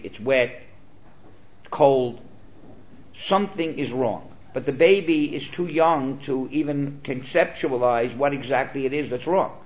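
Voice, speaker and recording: Man, rabbi giving a Torah class; earnest, explanatory, mid-pitched voice, muffled lo-fi audio. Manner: earnest, explanatory, with Hebrew terms. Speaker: rabbi teaching. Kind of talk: Torah lecture. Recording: dull, lo-fi recording.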